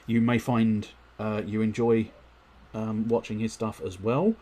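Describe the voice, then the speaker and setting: A man talks through a live gaming stream in a lowish, husky voice. He speaks in a wordy, politely formal way, full of ums and self-corrections. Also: little pitch movement, unhurried, mellow. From United Kingdom. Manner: wordy and politely formal, with many fillers and restarts. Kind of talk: casual live-stream chat.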